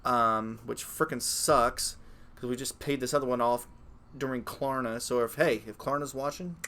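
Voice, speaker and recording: A man in his late thirties co-hosting a podcast, telling stories in a casual, profane, animated way. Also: mid-range voice, moderate pace. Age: 30s. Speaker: podcast co-host. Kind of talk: casual chat.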